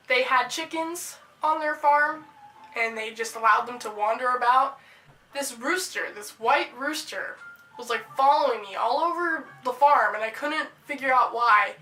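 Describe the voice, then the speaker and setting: A woman telling funny personal stories in an animated storytime vlog, excitable and given to bursts of loud yelling. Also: high voice. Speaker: storytime vlogger. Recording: echoey room.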